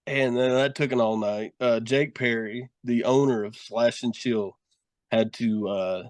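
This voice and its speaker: A middle-aged man spins long, profane stories in a loose podcast conversation, cursing freely and laughing between lines. His voice sits at an ordinary pitch and sounds dry and close, with no room around it. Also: steady tone, a little slow, no echo. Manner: profane, rambling storytelling with laughs. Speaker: guest, wrestler and horror host. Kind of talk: casual podcast chat.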